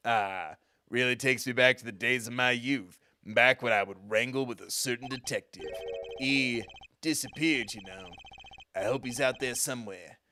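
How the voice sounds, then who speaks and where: A man voicing a sentimental, doting old committee chairman with a wistful, grandfatherly, drawn-out delivery. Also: mid-range voice, bright, forceful tone, dry recording, pitched below the performer's own voice. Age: older.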